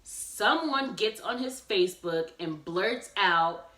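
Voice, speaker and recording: A woman's voice: mid-range voice, animated, slow, sharp tone. A woman telling a personal story in a casual vlog, chatty and acting out the dialogue as she goes. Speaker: vlogger. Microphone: phone camera. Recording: echoey room, mic at a distance.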